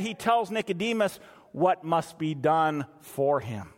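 A man's voice: a little high, sing-song, takes it slowly, long reverb tail. A man preaching a sermon as pastor, emphatic and repeating phrases for stress.

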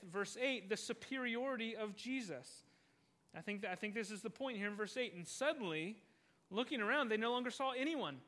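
A man's voice: sits high, bright, forceful tone. A male pastor preaching a sermon, earnest, often repeating words as he starts a phrase and asking the listeners questions.

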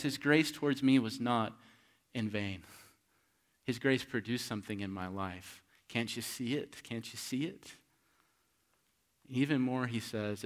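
A pastor preaching a sermon, asking rhetorical questions and swinging between hushed and loud, emphatic delivery. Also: male voice, mid-range voice.

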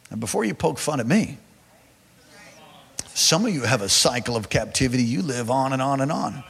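A man's voice: mid-range voice, moderate pace, creaky, long pauses, breathy edge, long reverb tail. A man preaching a sermon, telling a personal story and speaking directly to his congregation. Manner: animated, addresses congregation directly. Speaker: pastor. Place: large hall or church.

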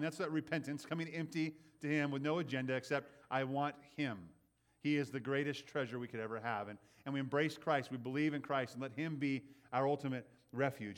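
A man preaching a sermon in an earnest way. He often checks in with the listeners with a quick "right?" and repeats words as he builds his points. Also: fairly high pitch. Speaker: pastor.

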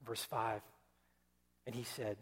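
A male pastor preaching a sermon as dramatic storytelling, moving between loud intensity and a hushed near-whisper. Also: medium pitch, fairly even intonation, takes it slowly, husky. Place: church. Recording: long reverb of a church hall.

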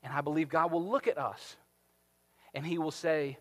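Male pastor, fairly high voice, sermon delivery, long church-hall reverb. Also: moderate pace, pauses often. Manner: animated, rising to emphatic peaks then dropping soft.

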